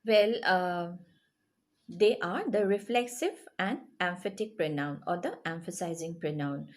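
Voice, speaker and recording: A woman's voice: lowish voice, measured pace. A woman teaching a grammar lesson to children, explaining patiently and checking in with questions. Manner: explains patiently, checks in with rising "yes?" and "okay?".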